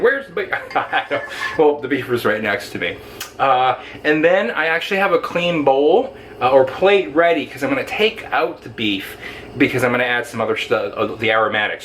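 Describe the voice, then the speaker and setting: A man's voice: mid-range voice, a bit bright. A man hosting a home cooking video, chatting casually and rambling off topic while he stir-fries in his kitchen. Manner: rambling, jokey, with sing-song filler humming. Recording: home kitchen with frying noise. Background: sizzling pan.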